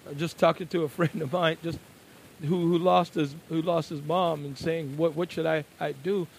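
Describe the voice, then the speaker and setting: A man preaching a sermon, moving between quiet, conversational asides and loud, emphatic declarations. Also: on the high side, fairly even intonation, normal speed, creaky, slight background noise, rough recording.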